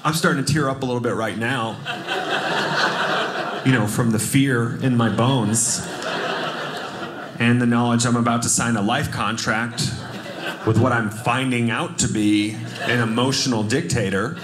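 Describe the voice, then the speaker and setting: A man's voice: mid-range voice, steady tone, a little slow, long pauses, heavy background noise. A man from Cleveland telling a wry, self-deprecating story in a stand-up set. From Cleveland, USA. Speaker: stand-up comedian. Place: comedy stage before a live audience. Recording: echoey room with audience laughter.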